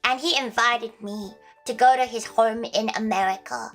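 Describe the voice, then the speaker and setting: Bright-voiced woman telling a rambling story. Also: fairly high pitch, steady tone, moderate pace, soft background music. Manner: rambling, many restarts, laughs at own jokes. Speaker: streamer. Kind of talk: casual storytelling to stream.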